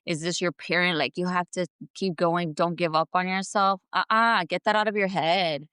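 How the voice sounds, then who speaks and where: A woman's voice: fairly low pitch, steady tone, normal speed, bright, forceful tone, clean tone, dry recording, studio quality. A woman hosting her own show, delivering an earnest motivational self-help monologue from home and repeating affirmations for emphasis. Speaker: podcast host. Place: at home, indoors.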